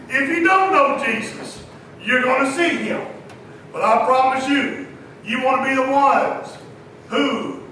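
High-voiced preacher in an echoey hall. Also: male voice, distant mic, slight background noise. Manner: dramatic, swings from shouting to hushed. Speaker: pastor. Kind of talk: sermon.

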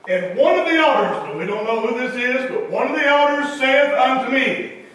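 A man's voice: very high-pitched, lively intonation, normal speed, fairly bright tone, a little hiss or hum. A man preaching a folksy sermon to his congregation, chatting with members between passages. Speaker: pastor. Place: large church hall. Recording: echoey hall from far off.

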